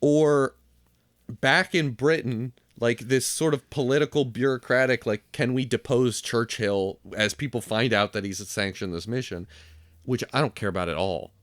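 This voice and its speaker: A man's voice: medium pitch, normal speed, a bit bright, dry recording. Guy cohosting a movie podcast, blunt and sarcastic, dry close mic. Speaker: podcast co-host. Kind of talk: casual film review chat.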